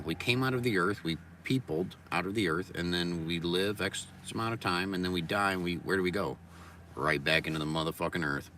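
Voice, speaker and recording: A livestream host with a low voice and a sharp, forceful edge rambles through a blunt, profane monologue, repeating his points like mantras. The mic is distant, so he sounds set back, with a faint hiss behind him.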